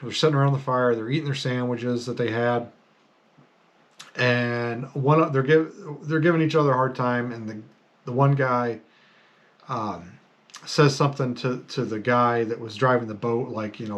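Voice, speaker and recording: A man's voice: mid-range voice, steady tone, moderate pace, highs cut off. A man hosting a podcast, telling stories in a casual, rambling way with many fillers and restarts. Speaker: podcast host. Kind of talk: casual storytelling monologue.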